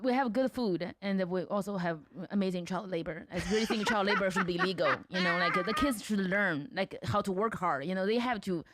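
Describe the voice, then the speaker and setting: A young adult woman from China with a Chinese accent, joking bluntly and deadpan in broken English as a guest. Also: mid-range voice, fairly quick, hardly any pauses, heavy background noise. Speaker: comedian guest. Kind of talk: casual chat.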